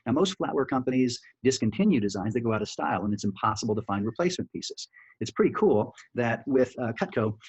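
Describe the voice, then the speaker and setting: Fast-talking husky man training salespeople. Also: mid-range voice, lively intonation. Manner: fast, chatty, full of restarts and "right?" checks. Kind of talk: screen-share sales training. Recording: dull lo-fi audio.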